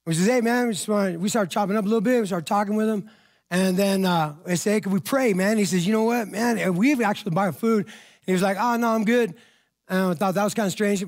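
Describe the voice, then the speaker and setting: A male pastor preaching a sermon in a church, telling a story in a conversational way and calling for amens. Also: on the high side.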